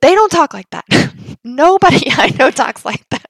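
Brief: Texan woman podcast co-host, slightly high voice, lively and laughing, dry close sound. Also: moderate pace, creaky, no echo. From Texas. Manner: animated, laughing, emphatic. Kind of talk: casual chat.

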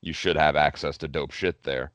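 A man's voice: a bass voice, fairly even intonation, normal speed, fairly bright tone, no room sound. A man co-hosting a casual gaming podcast, with a dry, sarcastic way of talking. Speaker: podcast co-host.

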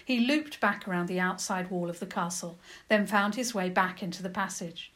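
A woman narrating a children's adventure story with lively, expressive delivery. Her voice sits at a middle pitch for a woman and keeps the pace of a bedtime tale. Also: moderate pace.

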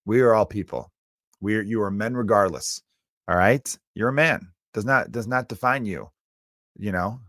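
A man hosting a podcast in a solo comedic rant, rambling and profane, swinging between loud bursts and low mutters. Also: moderate pace, no room sound, clean studio sound.

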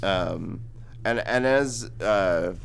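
A man's voice: deep voice, drawn-out words, creaky, slight background noise. A man in his twenties co-hosting a book podcast, rambling casually with lots of filler words. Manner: rambling, heavy use of "like". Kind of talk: casual chat.

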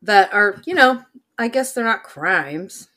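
A woman's voice: medium pitch, lively intonation, slow, bright, forceful tone. A woman co-hosting a podcast in casual chat, telling stories and laughing often. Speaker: podcast co-host.

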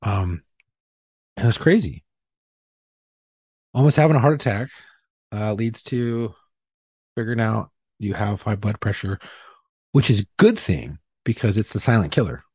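A man with a low, deeply husky voice tells his story in a loose, profane, rambling way, often joking at his own expense. The sound is close and dry, with no room around it. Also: expressive, a little slow, pauses often, a little mellow, dry recording. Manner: profane, rambling, self-deprecating. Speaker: podcast guest. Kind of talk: casual storytelling.

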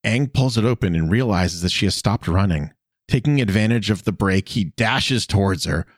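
A man's voice: lowish voice, dry recording, clean studio sound. A man co-hosting a podcast, casually recapping episodes with playful asides. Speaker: podcast co-host.

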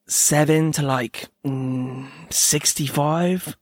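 Excitable, jokey male player, slightly high voice, dry recording. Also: extremely slow, dry recording. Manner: excitable, jokey, swings between shrieks and mumbles. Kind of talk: comedic tabletop role-play banter.

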